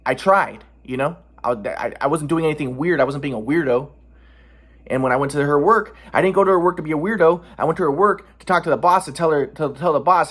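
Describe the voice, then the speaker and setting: A man's voice: fairly high pitch, fast, fairly bright tone. A man telling a personal story casually, rambling with many restarts and defensive repetitions. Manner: agitated, defensive. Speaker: vlogger.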